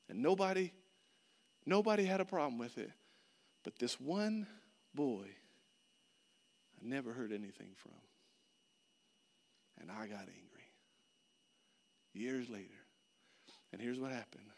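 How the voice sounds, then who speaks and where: Animated man preaching with wide swings. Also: medium pitch, unhurried, long pauses. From Florida. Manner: animated, swings from loud outbursts to hushed earnest tones. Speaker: pastor. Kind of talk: sermon storytelling.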